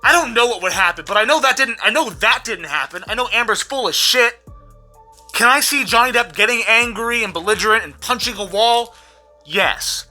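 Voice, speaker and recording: A vlogger in an angry, profanity-heavy rant, repeating words when worked up, with a voice going hoarse. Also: mid-range voice, animated, normal speed, sharp tone, soft background music. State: losing their voice. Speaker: vlogger recapping a trial.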